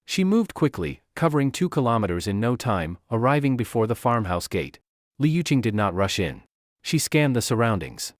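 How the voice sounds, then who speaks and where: A man giving expressive scripted narration of a novel. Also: medium pitch, normal speed, no room sound, clean studio sound.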